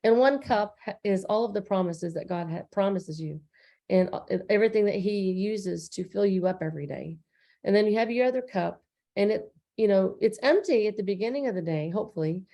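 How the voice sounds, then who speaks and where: A woman's voice: medium pitch, fairly quick, dark tone. A woman co-hosting a casual recap chat, talking earnestly and loosely with plenty of fillers. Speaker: co-host.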